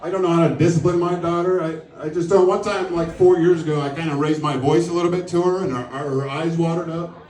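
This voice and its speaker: A man's voice: on the high side, fairly even intonation, brisk, a little mellow. A middle-aged man doing a stand-up comedy set, dry, self-mocking and profane. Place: comedy club stage before a live audience. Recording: roomy live club sound, mic at a distance, audience laughter. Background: audience laughing.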